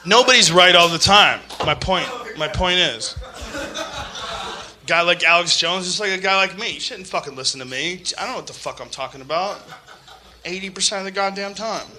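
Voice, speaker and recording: A man doing a stand-up comedy set, profane and ranting, swinging from shouting bits to low muttered asides. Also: a little hiss or hum.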